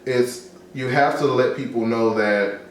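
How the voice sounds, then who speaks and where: A man's voice: medium pitch, unhurried. Candid man in an echoey room. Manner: candid, storytelling, acts out dialogue. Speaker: co-host. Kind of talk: casual discussion. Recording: echoey room with faint noise.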